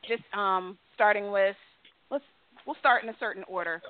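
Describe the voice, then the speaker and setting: A podcast host briskly running the guest round and wrapping up, heard over a phone-like line. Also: mid-range voice. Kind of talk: casual podcast chat. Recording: phone-like narrow sound.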